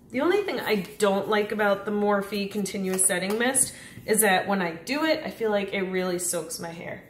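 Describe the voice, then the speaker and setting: A woman chatting playfully as she talks through her makeup routine in a casual tutorial. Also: medium pitch. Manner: chatty and playful, talking through each step. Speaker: beauty vlogger. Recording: echoey room with background noise.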